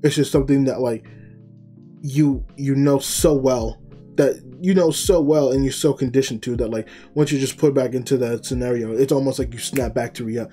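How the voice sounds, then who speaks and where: Mellow-voiced man rambling through a recap. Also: medium pitch, steady tone, moderate pace, faint music behind. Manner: rambling, with many fillers and self-corrections. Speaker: anime reviewer. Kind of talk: casual episode recap.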